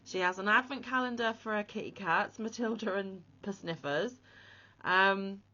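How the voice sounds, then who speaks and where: A woman hosts a crochet vlog, talking casually and offering heartfelt, emotional praise. Her mid-range voice is bright and forceful at a moderate pace, and the lo-fi audio is slightly muffled.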